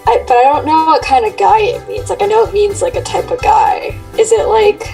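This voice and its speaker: A woman's voice: very high-pitched, wildly swooping pitch, fairly quick, gravelly, warm tone, far from the mic, soft background music. An American woman in her twenties, a podcast guest, chatting hesitantly and searching for her words. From United States. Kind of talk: casual chat.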